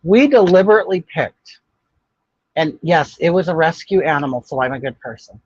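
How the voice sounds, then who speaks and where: Hosting a casual livestream chat, an older man responds to viewer comments with blunt, gossipy sass. His voice sits on the high side and is expressive at normal speed, and the audio is dull, muffled and dry with no echo.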